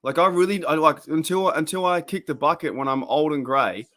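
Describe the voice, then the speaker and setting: Speaking briskly in a fairly high voice, an Australian host rambles casually through his live sports reaction stream. The plays set off bursts of excitement from him.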